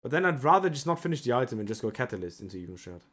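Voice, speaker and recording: A man reviewing a match as a coach on a live stream, emotional and animated, often tagging his points with "right?". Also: medium pitch, rapid-fire. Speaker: esports coach.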